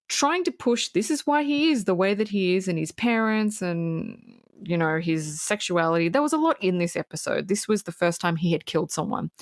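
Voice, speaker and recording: A woman's voice: on the low side, dry recording, clean studio sound. A woman co-hosting a podcast, recapping a series in a chatty, blunt way with free swearing. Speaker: podcast co-host. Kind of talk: casual true-crime recap.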